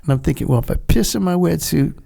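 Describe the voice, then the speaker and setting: A man's voice: on the high side, fast talker, vocal fry, mellow. An older man, a former Navy SEAL guest, telling rambling stories with frequent laughs and acted-out voices. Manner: rambling, laughs often, acts out quoted voices. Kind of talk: casual storytelling interview.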